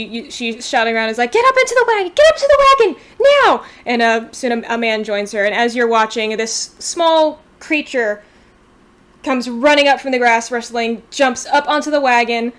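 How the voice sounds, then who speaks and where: A woman game master with a slightly high voice narrates a tabletop game. She sets the scene loosely, piling on detail as she goes. She is heard on a home mic over a voice call. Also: smooth. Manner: loose, descriptive scene-setting.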